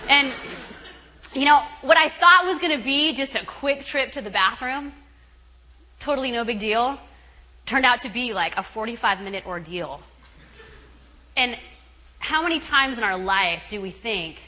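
A young woman as guest speaker telling a story, animated, acting out her own thoughts with shouts and laughs. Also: on the high side, normal speed. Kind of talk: storytelling talk. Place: camp meeting hall. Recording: long hall reverb, faint ambience.

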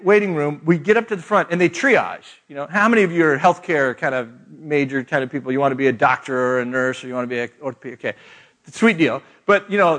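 A middle-aged man with a fairly high, lightly raised voice tells a family story to a live crowd. He jokes at his own expense and chuckles along the way, in a loose, humorous retreat-talk manner. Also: fairly bright tone. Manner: storytelling with self-mocking jokes, laughing. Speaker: speaker.

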